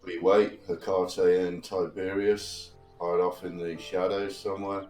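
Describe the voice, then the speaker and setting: A man's voice: sits low, level tone, a little slow, darkish tone, soft background music. A man playing a tabletop game, talking bluntly and defiantly and swearing freely. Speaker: player. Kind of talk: tabletop game role-play. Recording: roomy, distant mic.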